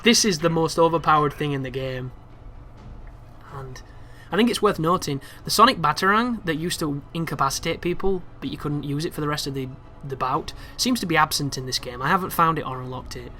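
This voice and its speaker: A man's voice: fairly high pitch, a little fast. A man giving casual walkthrough commentary over gameplay, chatty and prone to exasperated asides. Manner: chatty, with exasperated, animated asides about the game.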